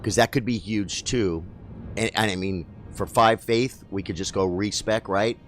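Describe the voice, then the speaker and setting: A man giving excitable, chatty live commentary while streaming a game and talking to his chat. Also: lowish voice, unhurried, slight background noise.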